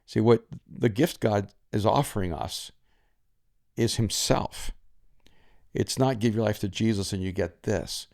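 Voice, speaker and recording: A man hosting a faith podcast, speaking in a measured, reflective way with a preacher's emphasis. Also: on the low side, gravelly, darkish tone. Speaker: podcast host.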